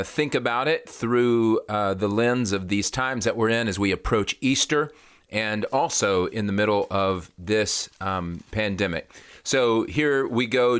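A man leading a daily devotional as pastor, reading scripture and reflecting in a relaxed way, with frequent pauses and fillers. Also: fairly low pitch, clean tone, no echo.

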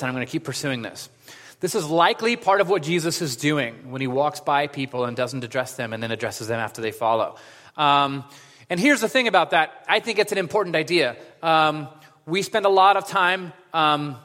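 A man's voice: on the high side, a bit bright, big-room sound. A man giving a casual, conversational sermon as a pastor, with lots of fillers. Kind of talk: casual sermon with opening prayer.

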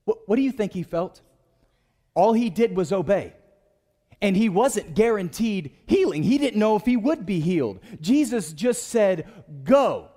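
A male pastor delivers a sermon in church, urging the congregation to answer back. His voice sits high and swings widely in pitch. He preaches with lively, rising and falling emphasis. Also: normal speed, in a large hall. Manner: preaching with call-and-response to the congregation.

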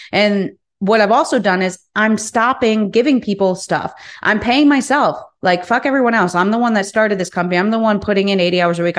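A woman hosting a business podcast, speaking frankly in a candid monologue, cursing now and then and repeating words as she works through her thoughts. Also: medium pitch.

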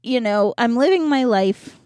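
A woman's voice: fairly high pitch, animated, measured pace, darkish tone, clean tone, no room sound, studio quality. A woman voicing a grumpy, drunken male gravedigger, in an offhand, flippant way. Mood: carefree.

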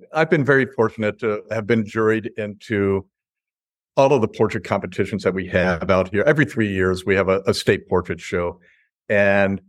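A relaxed, low-pitched man talks about his art gallery in an easygoing, storytelling way, laughing now and then as he goes. He is on a video call, and his voice sounds dry and close, with no room around it. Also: dry recording. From Chicago. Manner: laid-back, chuckling storyteller. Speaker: artist and gallery owner. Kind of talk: casual interview chat.

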